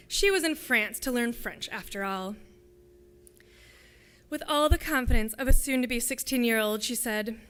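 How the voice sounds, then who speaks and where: A woman, a graduate student, reading her own fiction aloud at a public reading in a lecture hall, in a steady descriptive way. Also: on the high side, moderate pace.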